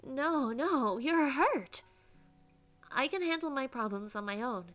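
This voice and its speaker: Woman reading anxious young mermaid heroine, light higher voice, pleading, faint music behind. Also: lively intonation, takes it slowly, a bit bright, heavily acted. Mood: worried. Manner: pleading, worried.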